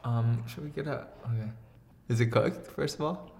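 A man's voice: medium pitch, steady tone, moderate pace, gravelly, noisy background. A man off to the side, teasing his partner about her baking.

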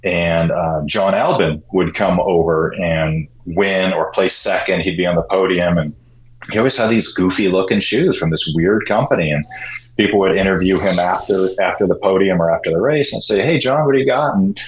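A man as an interview guest, telling his story casually and getting animated when he quotes other people. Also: moderate pace, slight background noise. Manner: animated, jumps higher when quoting people. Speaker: guest, shoe importer. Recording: roomy echo.

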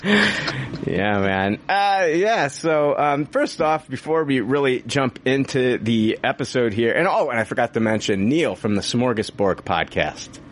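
A man hosting a casual podcast chat, animated and joking, laughing often and swearing casually. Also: mid-range voice, measured pace, slight background noise. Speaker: podcast host.

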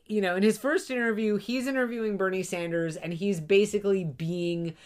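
A woman's voice: medium pitch, steady tone, a little fast, a little mellow. A woman co-hosting a casual podcast chat, talking with many fillers and restarts and laughing often. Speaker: podcast co-host. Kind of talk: casual chat reviewing a comedy series.

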